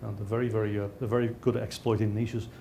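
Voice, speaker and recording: A man's voice: lowish voice, flat delivery, fast, gravelly, dark tone, a little hiss or hum. A male researcher giving a slide lecture, with frequent restarts and dry, self-mocking asides.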